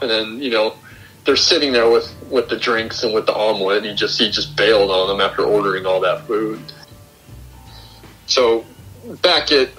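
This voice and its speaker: In a low-quality recording, a young podcast host with a lowish, pushed, bright voice chats casually about a movie. He recounts the plot step by step and acts out what the characters say.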